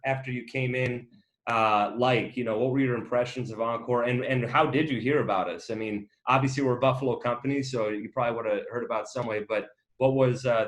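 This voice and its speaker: Guy host, mid pitch, friendly rambling questions. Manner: friendly, long wandering questions with fillers. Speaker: interview host, company co-founder. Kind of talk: casual interview chat.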